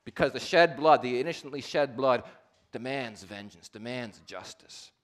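A male preacher delivering a sermon with strong swings in volume and intensity. He builds to loud, impassioned climaxes, then drops to near-hushed endings, and sometimes slows right down to stress a point. His voice sits at an ordinary middle pitch for a man. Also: animated. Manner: dynamic delivery, swings between loud emphatic peaks and low hushed endings; slows to a deliberate, repeated emphasis.

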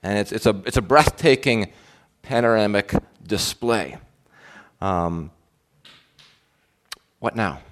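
A man's voice: on the low side, slow, long pauses. A male pastor preaching a sermon in an earnest, questioning way, with frequent fillers and restarts.

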